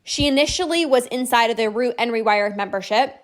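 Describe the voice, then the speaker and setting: A woman coach hosting her own podcast, talking up her program with bright enthusiasm and a steady stream of "like" fillers. Her voice sits a little higher than most women's. She sounds persuasive and casual rather than scripted. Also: brisk. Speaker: podcast host and binge-eating coach. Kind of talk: promotional podcast monologue.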